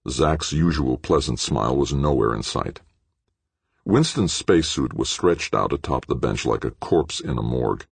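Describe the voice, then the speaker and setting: A man's voice: a bass voice, creaky, husky, dry recording. A man reading a novel aloud as an audiobook narrator. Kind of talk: scripted narration.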